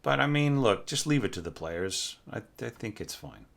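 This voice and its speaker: A man with a lowish, bright, forceful voice talks through a student's orchestral score. He thinks aloud with fillers and hums little bits of the music as he goes. His tone is that of a relaxed but exacting teacher giving feedback. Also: normal speed, vocal fry. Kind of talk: casual spoken score critique.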